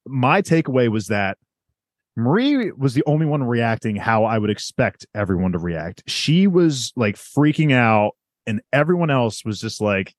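A man co-hosting a casual fan discussion, quick and excitable, often restarting his sentences. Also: mid-range voice, no room sound. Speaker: podcast co-host.

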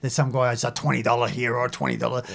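A man's voice: mid-range voice, flat delivery, rapid-fire, creaky, fairly bright tone. A middle-aged Australian man, a podcast guest, talking bluntly in casual interview chat, swearing often and saying "mate" constantly, with lots of restarts.

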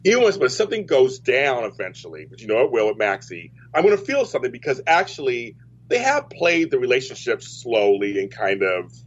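A man's voice: medium pitch, very animated, fairly quick, slightly rough. A man hosting a soap opera chat show, talking casually and rambling with many restarts. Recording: dull lo-fi audio.

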